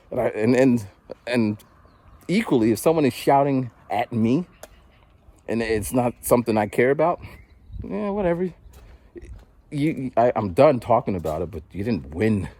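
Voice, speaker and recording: Forties male vlogger, husky, lively delivery, mimics others mid-story while walking outdoors. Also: medium pitch, a little slow, pauses often. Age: 40s. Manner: animated, acts out other people's voices. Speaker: vlogger and rapper. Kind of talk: rambling casual monologue while walking. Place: outdoors on a walk.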